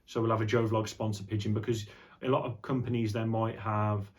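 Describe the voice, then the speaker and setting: A man's voice: fairly low pitch, flat delivery, a little fast. A young man chatting casually on an unscripted vlog, rambling and jokey, with some swearing. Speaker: vlogger.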